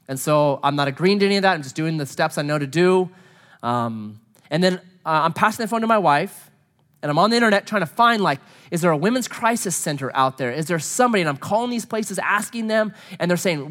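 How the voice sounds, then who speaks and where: During a sermon before a congregation, a married adult man recounts a personal story with earnest feeling. His intonation is lively and his pace a little fast, shifting from quiet, low murmurs to forceful appeals.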